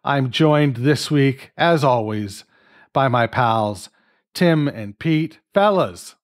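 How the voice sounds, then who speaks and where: A man's voice: mid-range voice, animated, slow pace. Chatty man hosting a podcast. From Canada. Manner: chatty, jokey, leads the discussion. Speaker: podcast host. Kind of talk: casual podcast chat.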